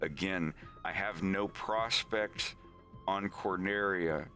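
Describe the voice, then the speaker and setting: A man's voice: deep voice, slow, pushed and bright, soft background music, exaggerated voice. A man voicing a nervous one-eyed male wolf pilot who stammers and pleads.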